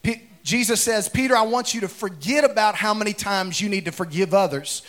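A man's voice: high voice, brisk. A man, a pastor, preaching a humorous sermon full of folksy comic storytelling. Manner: folksy, animated, comic storytelling that bursts into shouts. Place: church sanctuary with congregation.

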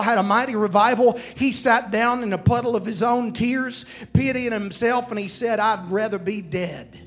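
A man's voice: high voice, fairly bright tone. A man preaching a sermon, calling out to the congregation to repeat after him and quoting scripture. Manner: preaching with call-and-response to the congregation.

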